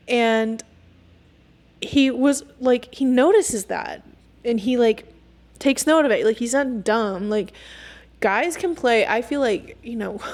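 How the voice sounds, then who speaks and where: A young woman hosting her own podcast, ranting candidly and casually with lots of "like" and quick laughs. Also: a little high, creaky, a little mellow. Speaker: podcast host. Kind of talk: casual solo podcast rant.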